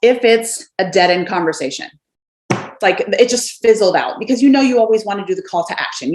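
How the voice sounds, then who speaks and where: Speaking at a medium pitch with a reverberant sound, a woman in her thirties coaches her sales team from her home office. Her casual, upbeat talk to camera includes acting out sample messages.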